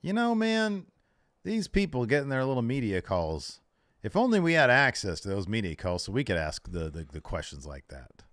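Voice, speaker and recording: A man's voice: mid-range voice, big pitch swings, normal speed, a bit bright, no room sound, studio quality. A man co-hosting a podcast in casual chat, bantering playfully and laughing often. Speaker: podcast co-host. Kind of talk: casual wrestling recap chat.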